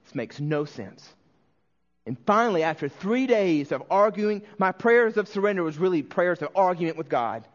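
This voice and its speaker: Male pastor, earnest emotional sermon delivery, raised pitch, dull lo-fi recording. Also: animated, a little fast, few pauses. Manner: earnest, emotional storytelling with many restarts and quiet dips.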